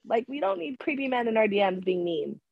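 A woman's voice: on the high side, very animated, brisk, gravelly, dry recording. A woman co-hosting a podcast in casual chat, talking emphatically and repeating herself for emphasis, her voice sick. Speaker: podcast co-host. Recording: dry, dull lo-fi sound.

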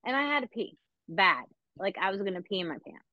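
A woman hosting a casual talk show, telling animated, profane stories and laughing often. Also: medium pitch, fast talker, no room sound, highs cut off. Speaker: podcast host. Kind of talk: casual storytelling chat.

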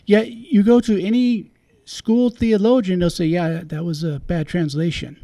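High, mellow-voiced radio guest man. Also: steady tone, a little slow, no echo. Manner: brief, agreeable interjections. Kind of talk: casual radio chat. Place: radio studio.

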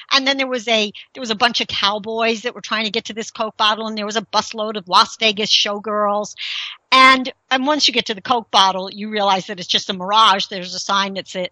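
A woman's voice: medium pitch, sharp tone, no echo, poor audio. A middle-aged woman hosting her own radio talk show, chatting casually and asking incredulous rhetorical questions.

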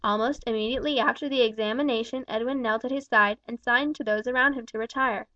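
A woman narrating a novel in a steady, measured reading. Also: fairly high pitch, no echo. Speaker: audiobook reader. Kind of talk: scripted narration. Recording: dull, dry recording.

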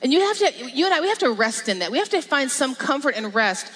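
A woman pastor giving a lively, emphatic sermon with repetition and laughs. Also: high voice, fast talker, few pauses. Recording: long reverb of a large hall.

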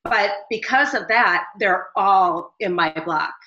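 A woman's voice: medium pitch, takes it slowly, pushed and bright. A middle-aged woman, a business owner calling into a talk show, recounting events in an earnest, rambling way. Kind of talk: phone-in interview. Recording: dull lo-fi audio.

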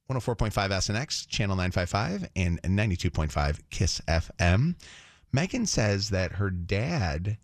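A man hosting a morning radio show. He has a very deep voice and talks in an upbeat, encouraging way. He is close and dry on a studio mic. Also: vocal fry, no echo. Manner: upbeat, quick plugs, encouraging. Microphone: studio microphone.

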